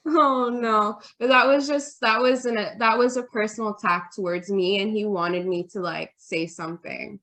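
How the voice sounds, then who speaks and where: A woman guest on a podcast, telling a personal story in a chatty, animated way with lots of "like" fillers. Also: medium pitch, normal speed, hardly any pauses. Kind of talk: casual storytelling chat. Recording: roomy echo.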